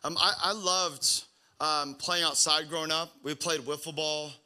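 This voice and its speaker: A man's voice: a little high, steady tone, a little slow, pushed and bright, clear, resonant tone. A young man from the Pacific Northwest preaching a sermon in a casual, rambling way, full of fillers and restarts. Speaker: pastor.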